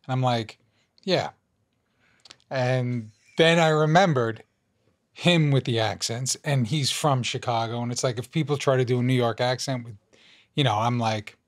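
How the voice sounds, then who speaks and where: A man, a guest actor, telling a relaxed anecdote in a casual interview. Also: mid-range voice, measured pace. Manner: relaxed storyteller.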